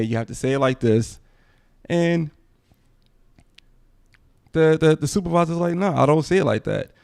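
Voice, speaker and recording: A man's voice: mid-range voice, creaky, darkish tone, dry recording, clean studio sound. A man hosting a casual commentary livestream, rambling conversationally. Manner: rambling, conversational, frequent "you know what I'm saying". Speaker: livestream host.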